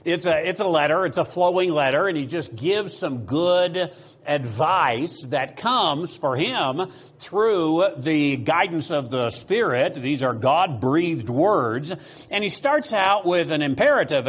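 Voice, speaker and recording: Pastor guy preaching, kinda high voice, lots of uhs and restarts, asks the crowd questions. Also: husky. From United States. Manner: conversational preaching with frequent fillers and restarts; asks the congregation rhetorical questions. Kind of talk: sermon.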